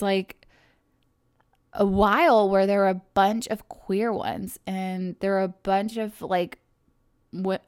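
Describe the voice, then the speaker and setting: In a casual solo episode of her own podcast, a young Kentucky woman rambles chattily, full of fillers and self-corrections. She has a smooth, medium-pitched voice, and the recording is dry, with clean studio sound.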